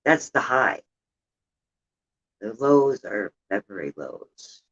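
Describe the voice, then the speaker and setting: A woman's voice: very deep voice, sing-song, slow, husky. Chatty older woman, dull lo-fi audio. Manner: chatty, rambling, indignant about politics. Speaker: livestream host. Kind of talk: casual chat with viewers. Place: home room with a heater running.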